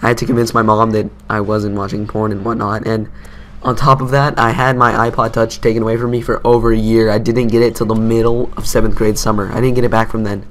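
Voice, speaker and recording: A man's voice: fairly low pitch, level tone, fast talker, a little hiss or hum. A teenage boy doing casual gameplay commentary, telling a story in a rambling, self-mocking way. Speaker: gaming commentator.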